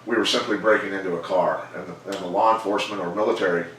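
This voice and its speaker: A middle-aged man with a low voice, formerly a fighter and now a coach, tells stories in a casual interview at the gym. His delivery is steady and down-to-earth except when he quotes someone, which brings out more animation, and the distant mic picks up room echo and a bit of background noise.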